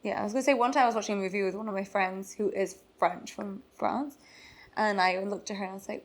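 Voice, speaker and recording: A woman from England with an English accent, co-hosting a casual podcast chat in a lounge bar, joking, laughing and reading notes aloud haltingly. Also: medium pitch, steady tone. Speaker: podcast co-host.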